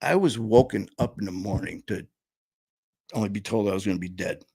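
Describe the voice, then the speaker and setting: A man telling a personal story, candid and blunt, swearing freely and pausing often. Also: fairly low pitch, gravelly, a little mellow, husky, no room sound. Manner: halting, full of fillers and restarts.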